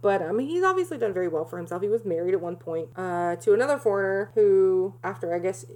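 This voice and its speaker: A woman's voice: mid-range voice, lively intonation, fast talker, darkish tone. A woman co-hosting a podcast, chatting casually and joking with plenty of swearing while recapping a reality show. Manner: profane, joking, laughs often. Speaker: podcast co-host.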